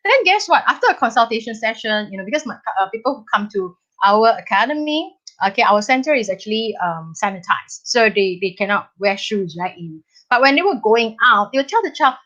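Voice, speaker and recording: Middle-aged Singaporean woman, chatty live-stream parenting educator, higher voice, muffled lo-fi audio. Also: a little fast, hardly any pauses. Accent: Singaporean English. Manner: animated, chatty, repeats "okay?" and "right?".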